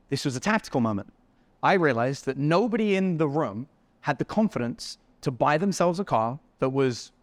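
A man hosting a business podcast, telling stories with lively acted-out dialogue. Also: a little high, dry recording. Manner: animated, acts out dialogue in his stories. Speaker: podcast host. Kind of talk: storytelling interview chat.

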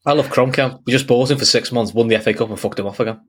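A man's voice: mid-range voice, racing, slightly rough. A man playing in a football quiz, teasing the others and laughing often. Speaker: quiz contestant. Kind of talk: casual podcast banter.

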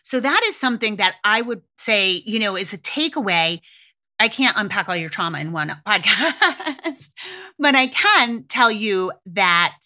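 A middle-aged woman hosts a parenting podcast in a loose, candid monologue, swearing freely as she goes. Her voice is bright and pitched a little high, with a forward, lively edge.

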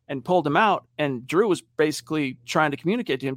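Animated man hosting a sports podcast. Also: a little high, fast talker, few pauses, no room sound, studio quality. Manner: animated storyteller, acts out quotes. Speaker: podcast host reading viewer questions. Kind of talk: casual sports podcast talk.

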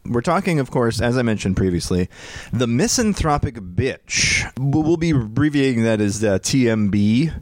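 A man's voice: mid-range voice, lively intonation, a little fast, few pauses, darkish tone, no echo. A man co-hosting a podcast in casual chat, laid-back and dry, with self-deprecating asides. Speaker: podcast co-host.

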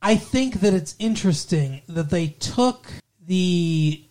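A man's voice: sits high, animated, slow, darkish tone. A man co-hosting a podcast, chatting casually and rambling about a movie, with casual swearing. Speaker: podcast co-host. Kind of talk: casual movie review chat.

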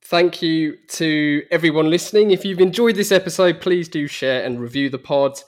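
A man's voice: on the high side, normal speed. A man hosting a podcast, upbeat and friendly, thanking his guest and reading the show's outro. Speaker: podcast host. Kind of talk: podcast interview.

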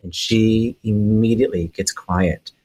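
A man from Hawaii, a psychic medium on a podcast, telling a story in a lively way and laughing as he goes. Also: lowish voice, a little slow. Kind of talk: casual storytelling.

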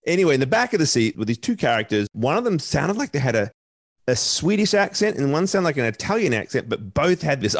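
A man's voice: on the low side, no room sound, studio quality. A man with an Australian accent, hosting a panel discussion and telling stories in a thoughtful, discursive way.

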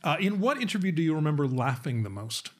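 A man's voice: on the high side, sing-song, fast talker, noisy background. A man co-hosting a live studio show, asking playful questions. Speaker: co-host.

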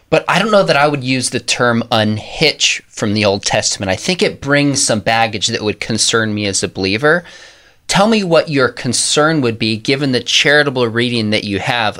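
A man hosting a discussion, responding thoughtfully and posing measured questions. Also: medium pitch, pushed and bright. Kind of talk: interview discussion.

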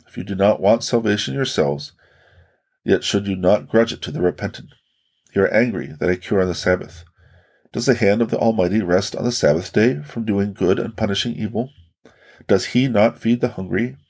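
A man reading as a solemn, gravelly teacher. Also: fairly low pitch, darkish tone. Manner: solemn, questioning rebukes. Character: earnest adult male teacher rebuking critics. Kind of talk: read-aloud religious narration.

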